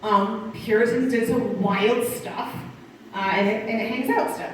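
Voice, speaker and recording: A woman's voice: fairly high pitch, steady tone, measured pace, slight background noise. Woman doing stand-up in an echoey room. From Connecticut. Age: 30s. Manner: rambling, conversational, dark humor with asides. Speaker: stand-up comic. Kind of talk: stand-up set. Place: small live performance venue. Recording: distant echoey room mic.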